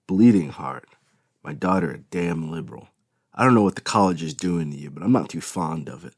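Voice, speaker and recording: A man's voice: low-pitched, expressive, brisk, slightly rough, dry recording, clean studio sound, heavily acted. A man reading an audiobook, voicing a blunt, profane, domineering middle-aged father. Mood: scornful.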